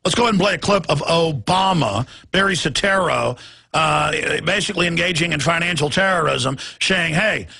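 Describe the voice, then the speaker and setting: Brief: male political talk host, gravelly and sharp-toned, ranting and repeating himself. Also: on the high side, moderate pace. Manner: heated, repetitive, ranting, at times yelling. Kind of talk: political talk show rant.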